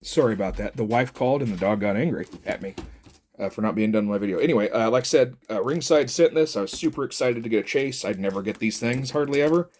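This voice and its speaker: A middle-aged man acting as a toy reviewer talks quickly in a fairly low, darkish voice, with a little hiss or hum on the recording. His casual chat is jokey and rambling, stuffed with fillers.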